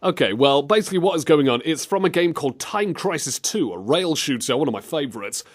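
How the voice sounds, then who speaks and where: A man's voice: on the high side, lively intonation, a little fast, a little hiss or hum. A man hosting a comedy podcast, giddy and laughing often as he mocks game clips. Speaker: show host.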